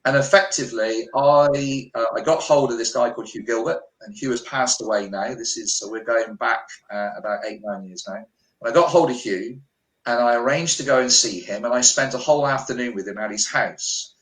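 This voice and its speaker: Talking a little fast at medium pitch, a British man who works as a healer shares a personal story as a guest in a storytelling interview. The remote call sounds echoey, and he performs the dialogue with lively energy.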